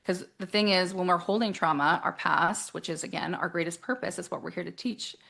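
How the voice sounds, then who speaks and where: Woman coach, interview guest; lively, plays out quoted lines, laughs easily; slightly low, fry-edged voice. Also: brisk. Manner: animated, acts out quoted voices, laughs often. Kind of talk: casual interview talk.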